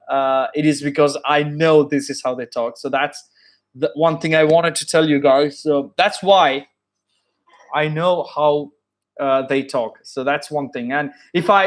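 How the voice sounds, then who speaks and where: A man with a British-influenced English accent, hosting a casual live stream as an English tutor and speaking earnestly, often repeating and restating his points. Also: a little high. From born in Saudi Arabia, studied in India.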